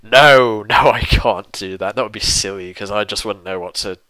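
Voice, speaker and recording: A man's voice: fairly low pitch, moderate pace, pushed and bright, dry recording. A young English man rambling through a casual viewer Q&A, self-deprecating and swearing mildly. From England. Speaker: YouTuber answering viewer questions. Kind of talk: casual Q&A monologue.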